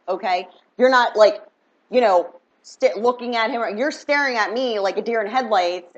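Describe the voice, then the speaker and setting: A middle-aged woman, a mother, telling a story in an indignant, animated casual rant, acting out her own lines and others'. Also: a little high, highs cut off.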